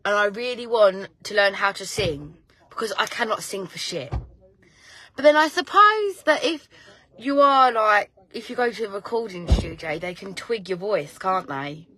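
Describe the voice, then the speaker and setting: A woman's voice: mid-range voice, animated, normal speed, sharp tone. A woman hosting a casual chat. She talks in a loose, rambling way, swears freely and laughs often. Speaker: host.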